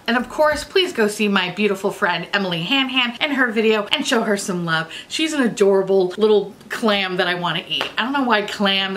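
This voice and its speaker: A woman's voice: medium pitch, bright, forceful tone, slight background noise. A woman hosting a casual makeup vlog, tipsy and giggly, rambling playfully and swearing freely. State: tipsy from drinking. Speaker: beauty vlogger host.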